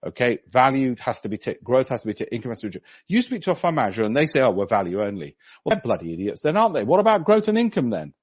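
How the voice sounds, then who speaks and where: A man's voice: mid-range voice, sing-song, rapid-fire, hardly any pauses, slightly rough, no room sound, highs cut off. A middle-aged man, giving blunt, sarcastic market commentary on a podcast and mocking others in put-on voices.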